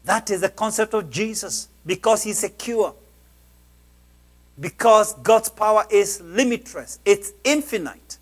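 A man's voice: high-pitched, expressive, unhurried. A man preaching a sermon as a pastor, exhorting his listeners with emphatic, insistent delivery.

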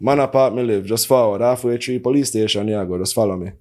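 A man's voice: medium pitch, quick pace. A man with a Jamaican accent, a podcast guest telling a story in casual chat and acting out the voices of the people in it. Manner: animated storyteller acting out quotes.

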